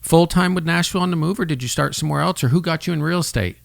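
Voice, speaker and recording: A man's voice: on the high side, racing, gravelly, dry recording, clean studio sound. A man hosting a casual interview, friendly and asking short prompting questions. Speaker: interview host.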